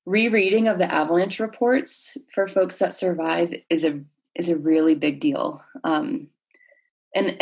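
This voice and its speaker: In a conversational interview, a woman counselor talks about her work thoughtfully but haltingly, with lots of fillers and restarts. Her voice is on the low side, darkish, with vocal fry.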